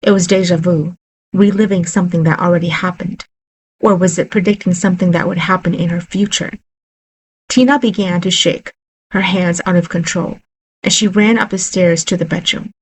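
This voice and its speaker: A woman narrating a horror story in a steady, unhurried reading voice. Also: fairly low pitch, slight background noise, rough recording.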